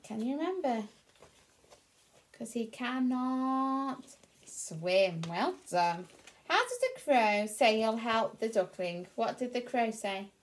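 Encouraging woman teaching phonics. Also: mid-range voice. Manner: encouraging, slow and clear, praising often. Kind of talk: phonics reading lesson for young children.

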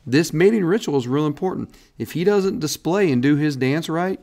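A man's voice: on the high side, animated, moderate pace, darkish tone. A man teaching a recorded biology lesson over slides, casual and folksy, with frequent "all right"s and small restarts.

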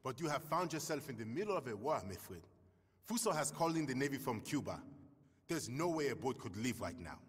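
An actor playing a smooth-talking, scheming official, speaking in video game dialogue. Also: male voice, mid-range voice, big pitch swings, fairly quick, big-room sound. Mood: urgent. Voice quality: husky, smooth-voiced.

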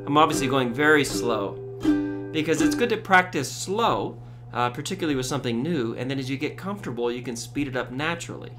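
Lively man teaching ukulele. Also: mid-range voice, fairly quick, music in the background. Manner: relaxed, with frequent "uh" fillers, counts beats aloud. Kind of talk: casual music tutorial. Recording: loud ukulele under voice. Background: ukulele strumming.

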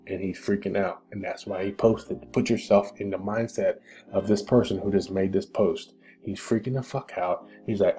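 A crypto channel host runs a casual Q&A livestream, talking bluntly with profanity and giving pep-talk encouragement. His voice is on the low side and dark, with a steady tone and moderate pace.

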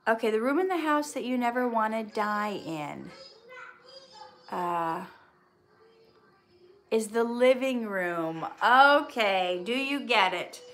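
An actress hosting a casual live stream, reading viewer questions aloud and answering in a chatty, candid way. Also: female voice, fairly high pitch, animated, unhurried, a bit bright.

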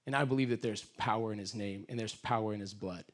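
A middle-aged guest speaker in a sermon tells a story full of quoted voices, then leads an earnest, fervent prayer. His voice sits on the low side and moves at a quick pace.

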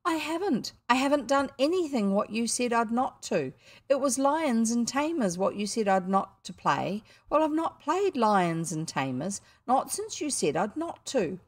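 A woman's voice: mid-range voice, expressive, unhurried, natural voice. William, an indignant schoolboy, as a woman reads him. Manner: indignant, argumentative, ungrammatical. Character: indignant, defiant eleven-year-old boy. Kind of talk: storybook reading.

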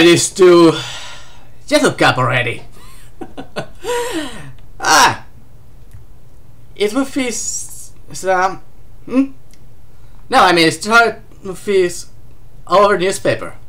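A host reading a comic aloud in a live reaction, laughing often and breaking into excited outbursts. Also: medium pitch. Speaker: manga reaction streamer.

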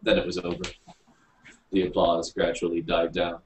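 A man reading a short story aloud, unhurried and lively. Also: sits low, slight background noise. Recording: roomy, from a distance.

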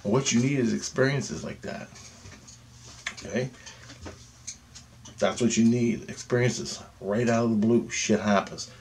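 A mid-range, unhurried male voice with frequent pauses leads a guided meditation over a little hiss or hum. The teacher is profane and insistent, keeps asking "okay?", and grows louder and more animated as he goes.

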